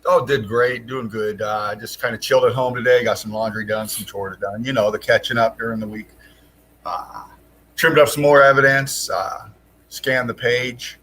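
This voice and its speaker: A man co-hosting a casual online chat who speaks in a laid-back drawl, relaxed but firm when he sets out the forum rules. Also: mid-range voice, normal speed, slight background noise. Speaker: co-host and forum moderator.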